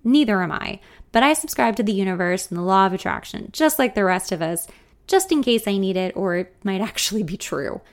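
A woman's voice: medium pitch, animated, a little fast. A young woman narrating a first-person story in a candid, wry, conversational way.

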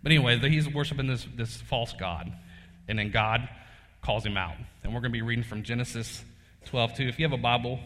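A man's voice: mid-range voice, fairly even intonation, a little fast, fairly bright tone. A man, preaching a casual sermon and telling a personal story in a folksy way, laughing often. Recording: long hall reverb.

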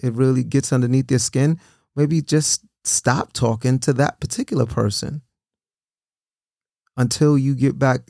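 Gravelly man giving earnest encouragement. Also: mid-range voice, a little mellow, no room sound, clean studio sound. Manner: earnest, repeats himself, asks "right?" often. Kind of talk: casual encouraging talk.

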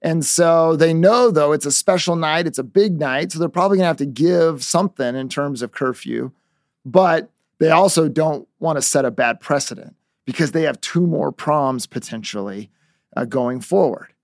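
A man coaching on negotiation through an animated story told as a lesson. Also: a little high, normal speed, no room sound, clean studio sound.

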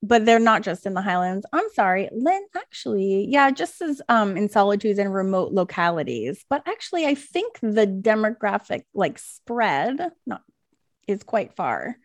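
A woman's voice: mid-range voice, sing-song, moderate pace, dry recording. A woman co-hosts a folklore podcast in easygoing chat, her voice leaping around a great deal. She sits close to the mic in a dry room and reads old accounts aloud between bursts of laughter. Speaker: podcast co-host. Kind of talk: casual chat, storytelling.

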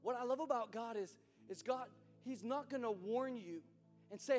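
A male pastor preaching a sermon as an animated, conversational storyteller. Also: very high-pitched, moderate pace. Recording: hall reverb with soft music.

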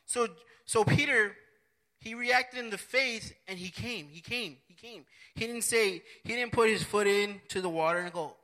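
A man's voice: high voice, normal speed, bright, forceful tone. A man preaching a sermon, earnest and repetitive, often restarting his phrases.

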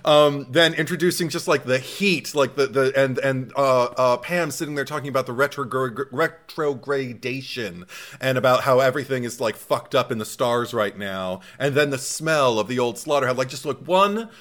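Bright-voiced enthusiastic podcast host. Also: male voice, medium pitch, normal speed. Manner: enthusiastic, swears casually, laughs often. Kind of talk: casual chat.

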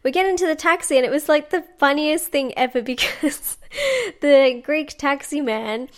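Chatty young woman, higher voice. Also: moderate pace. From Australia. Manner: chatty, animated, lots of "like" and acted-out quotes. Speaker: podcast host. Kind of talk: casual storytelling monologue.

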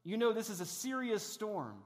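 A male pastor delivering a dynamic sermon, rising for emphasis and dropping to hushed tones. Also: sits high, very animated, normal speed, big-room sound.

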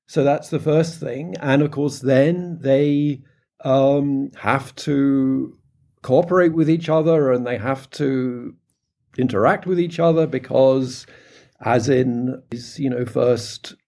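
A man's voice: medium pitch, mellow. A middle-aged man with a British English accent, answering interview questions in a hesitant way with many ums and restarts. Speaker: phonetics researcher, interviewee.

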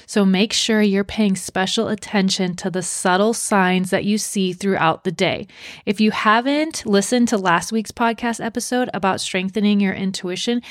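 A woman's voice: mid-range voice, no echo, clean studio sound. A young woman hosting a podcast, reading a script in an upbeat way with playful asides. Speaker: podcast host.

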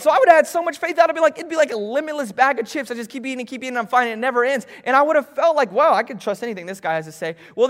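A man preaching a sermon from a church stage, lively and joking with the congregation between scripture readings. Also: extremely high pitch, in a large hall. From Florida, US. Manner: animated, jokey asides to congregation. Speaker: pastor. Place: church stage, large hall.

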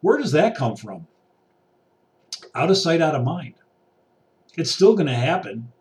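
A man on an exasperated, preachy rant, pacing a room as he talks. His voice sits on the higher side and lands a little distant from the mic. He drops to mutters, then climbs into raised, pointed outbursts. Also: sing-song, measured pace, a little mellow. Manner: paces about while talking. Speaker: vlogger. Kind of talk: ranting monologue to camera. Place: indoor room.

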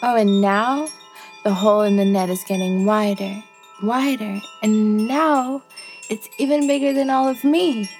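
A bubbly, stubborn young antelope girl, as a woman puts her on in a musical bedtime story. She coaxes and whoops in a fairly high voice, unhurried, with soft chiming music faint behind. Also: lively intonation. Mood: delighted. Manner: bubbly and coaxing, with whoops and giggles. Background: soft music with chimes.

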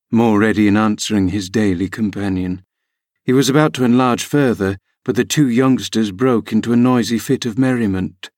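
Brief: male audiobook reader, measured storytelling, dry booth sound. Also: fairly low pitch, a little mellow, no echo. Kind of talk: scripted narration.

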